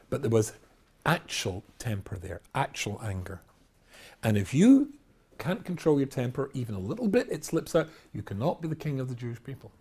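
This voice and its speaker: A Scottish rabbi delivers a storytelling lecture in an animated way, swinging between loud exclamations and quiet asides. His voice is husky and medium in pitch.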